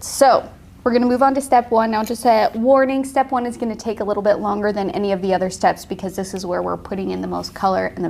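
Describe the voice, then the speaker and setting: Gravelly-voiced woman teaching painting. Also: medium pitch, darkish tone, a little hiss or hum. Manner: chatty, laughs easily. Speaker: painting instructor. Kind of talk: casual tutorial.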